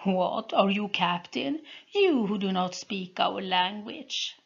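A woman reading a storybook aloud and voicing a rough, mocking male soldier in a blunt, jeering tone, close to her own voice. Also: medium pitch, lively intonation, slow, muffled recording, exaggerated voice.

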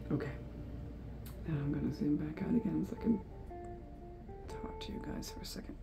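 A woman's voice: low voice, moderate pace, gravelly, long pauses, loud music behind the voice, poor audio. A woman hosting an art channel, talking casually to her viewers, emotional and teary, gushing and laughing often. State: teary, sniffly. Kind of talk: casual vlog talk to camera.

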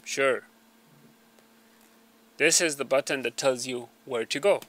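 A man's voice: medium pitch, takes it slowly, fairly bright tone. A man narrating a step-by-step device tutorial, hesitant and full of fillers as he explains each setting. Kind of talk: screen tutorial voice-over. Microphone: small desk microphone.

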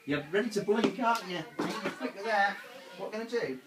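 A woman's voice: mid-range voice, animated, quick pace, heavy background noise. A woman coaxing a small child through a photo shoot in playful, sing-song baby talk. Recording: echoey room, mic far off.

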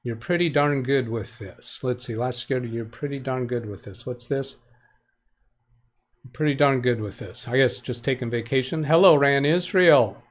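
A man's voice: mid-range voice, moderate pace. A man hosting a live tech help stream. He reads viewer comments aloud in a rambling way, corrects himself often, and gives plain practical advice. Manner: rambling, with frequent self-corrections and restarts.

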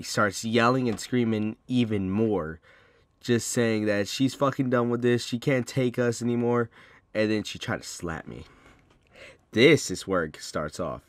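A young man telling a rambling storytime vlog, swearing freely and getting loud and heated as he retells an argument. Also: fairly low pitch, no echo. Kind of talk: casual storytime monologue.

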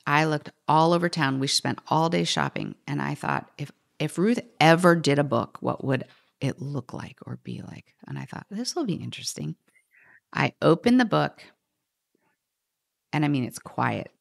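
A middle-aged woman telling a personal story as a podcast guest, animated, quoting others and sometimes dropping to a whisper. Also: deep voice, gravelly. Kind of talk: storytelling in conversation.

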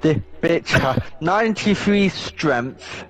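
Young man, casual gaming chat, lots of swearing, a bit high-pitched. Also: lively intonation, slow, fairly bright tone, faint music behind, rough recording. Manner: sweary, blunt and ranting. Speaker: gaming vlogger. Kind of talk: casual chat while playing a video game.

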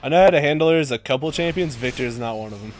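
A young man commentating his own gameplay, excitable, swearing and shouting at teammates. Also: medium pitch, very fast, a little hiss or hum.

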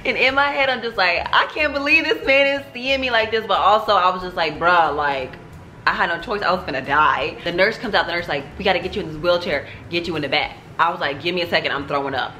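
A young woman vlogger telling a story in a casual, animated way, talking straight to her viewers and acting out what people said. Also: on the low side, a little hiss or hum. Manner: animated, talks straight to viewers, acts out quotes.

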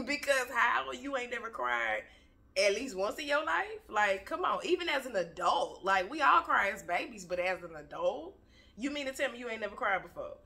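A woman's voice: on the high side, expressive, normal speed, sharp tone. A young woman giving a candid, casual motivational talk, swearing freely and preaching with energy. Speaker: motivational vlogger.

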